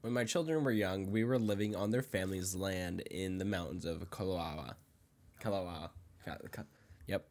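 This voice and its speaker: A man's voice: low voice, normal speed, darkish tone. A young man co-hosting a podcast, reading a spooky story from his notes, stumbling over names and laughing along with his co-host. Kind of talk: reading a ghost story aloud, casual chat.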